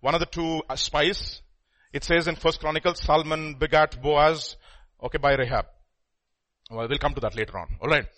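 During a sermon, a male preacher with a fairly high voice and fairly even intonation shifts between hushed murmurs and loud, stressed lines. He slows down to give key words extra weight.

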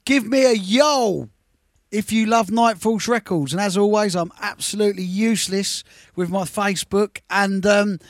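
A man's voice: high voice, normal speed, dry recording, studio quality. A man hosting as a rave music DJ, chatting casually and enthusiastically, repeating words in bursts. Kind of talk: casual chat.

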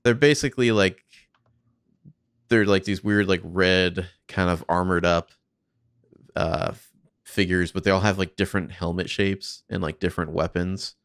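A man with a very low, gravelly voice talks through film footage in a loose, casual way. He swears freely and fills his thoughts with "like" and "uh". The recording is dry and close. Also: steady tone, normal speed, a bit bright, dry recording. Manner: casual, swearing, thinking aloud with fillers. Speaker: podcast co-host.

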